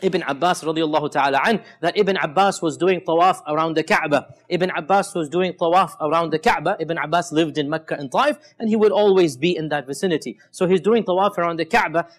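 A man preaching a Ramadan sermon, retelling hadith stories with animated emphasis, drawing out key phrases and dropping in quick Arabic quotes. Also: high voice. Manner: switches between quick Arabic quotes and drawn-out emphatic English; many fillers and restarts, animated storytelling.

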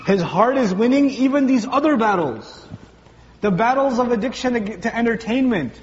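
A man with a fairly high voice preaches a lively, joking sermon, slipping into funny voices for everyday scenes. His voice rings with a long reverb through a large hall, the sound a bit dull, with faint room noise underneath. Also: normal speed. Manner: animated, acts out little scenes with funny voices, rising pitch when emphatic. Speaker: speaker at a Ramadan talk. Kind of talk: lively sermon to young audience.

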